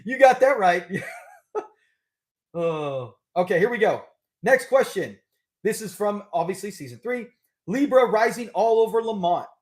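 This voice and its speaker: A man's voice: sits high, lively intonation, a little slow, pauses often. A man hosting a live trivia stream, talking in a chatty, upbeat way and laughing often. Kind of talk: casual live-stream chat.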